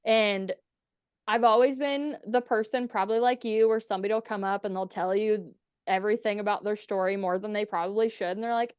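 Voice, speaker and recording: Candid, profane woman with a smooth voice. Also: mid-range voice, steady tone, fairly quick, darkish tone, dry recording. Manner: candid, profane, acts out quoted dialogue. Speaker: podcast guest. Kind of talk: casual storytelling interview.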